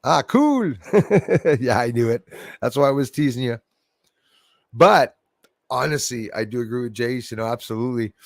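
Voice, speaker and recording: A man's voice: mid-range voice, animated, moderate pace, long pauses, no room sound, studio quality. A middle-aged man, hosting a livestream and chatting casually through viewer comments, rambling and laughing often. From Canada. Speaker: livestream host.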